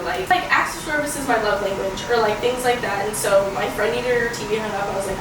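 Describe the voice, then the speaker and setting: A woman's voice: mid-range voice, animated, fairly quick, recorded from a distance, background noise. Woman, twenties, casual vlog chat, rambling and candid, quite echoey, a little off mic. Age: 20s. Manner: candid, rambling with frequent "like" fillers. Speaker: vlogger. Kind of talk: casual chat while getting ready.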